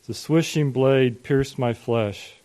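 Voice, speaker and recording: Slow, dramatic male preacher narrating. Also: mid-range voice, dark tone. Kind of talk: sermon storytelling.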